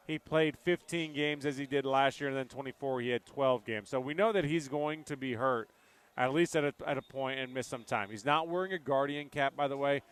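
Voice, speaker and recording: A man's voice: fairly high pitch, smooth. A man hosting a casual sports radio show live from a busy pub, upbeat and talkative. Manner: upbeat, talkative, plugs the bar between sports talk. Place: busy pub, remote broadcast.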